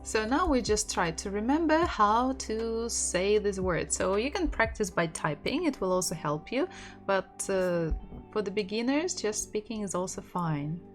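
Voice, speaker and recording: A woman with a Russian accent teaching an online language lesson, patiently repeating words slowly so learners can practice. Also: medium pitch, expressive, soft background music. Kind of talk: online language lesson, slow drilled pronunciation.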